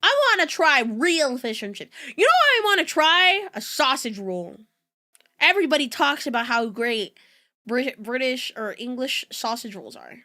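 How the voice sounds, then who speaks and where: Young adult woman, native Spanish speaker. Casual, giggly stream host with a slightly high, very animated voice. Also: normal speed. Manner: chatty, giggly, rambling asides to chat. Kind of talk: casual reaction-stream chat.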